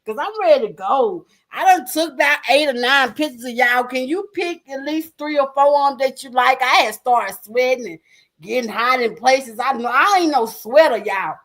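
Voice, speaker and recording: A woman in her forties hosting a livestream, telling stories to her viewers in a frank, loud, laughing way. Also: sits high, expressive, normal speed. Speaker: livestream host. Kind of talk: casual chat with viewers.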